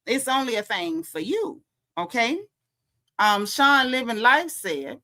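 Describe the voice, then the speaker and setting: A woman with a bright, higher voice, recapping reality TV in a casual chat. She tells it as an animated story, switching into the voices of the people she quotes. Her delivery is clear and forceful. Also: slow. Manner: animated storytelling, acts out quotes, frequent laughs.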